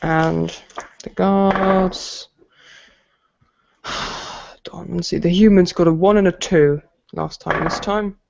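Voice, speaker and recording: A man narrating a tabletop game as game master, often halting and restarting as he describes the combat. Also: high-pitched, fairly even intonation, creaky. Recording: lo-fi mic with faint noise.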